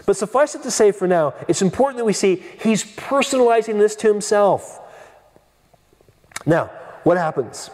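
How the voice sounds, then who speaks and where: A man preaching from the pulpit, his voice sitting a little high for a man and trailing off in the long reverb of a big church hall. He talks earnestly, restarts his sentences often and drives his points home with emphatic questions. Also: lively intonation, moderate pace, darkish tone. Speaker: pastor. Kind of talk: expository sermon.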